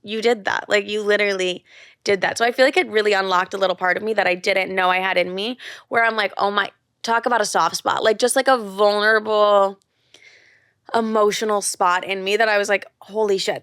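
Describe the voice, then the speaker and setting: A woman's voice: medium pitch, a bit bright, clean tone, no room sound, clean studio sound. A young woman hosting her own podcast, chatting casually and candidly, gushing, swearing freely and saying "like" a lot. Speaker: podcast host. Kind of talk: casual solo podcast chat.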